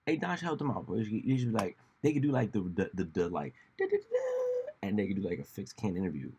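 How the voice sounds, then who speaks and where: A man hosting a casual solo commentary show, rambling and animated, often slipping into mocking voices when he quotes people. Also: lowish voice, fast, a little hiss or hum. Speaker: podcast host.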